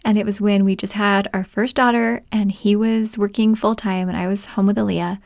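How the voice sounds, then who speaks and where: A woman's voice: medium pitch, fairly even intonation, normal speed, vocal fry, darkish tone, no echo, clean studio sound. A woman in her forties hosting a podcast, telling a personal story in a chatty way and often laughing. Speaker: podcast host.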